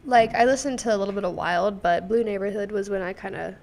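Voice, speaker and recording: A woman's voice: mid-range voice, fast, vocal fry, a little mellow. A young woman co-hosting a music podcast in casual, rambling chat with many fillers, recorded on a desk mic in a small dorm-basement studio. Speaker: podcast co-host. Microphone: desk microphone.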